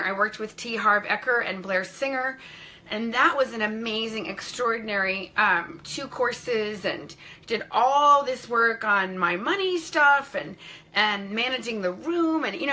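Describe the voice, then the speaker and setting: A middle-aged woman telling her personal story on a live stream, her voice bright and crisp. She sits a little high in pitch for a woman. She keeps breaking off to greet viewers by name in an effusive way. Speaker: speaking coach.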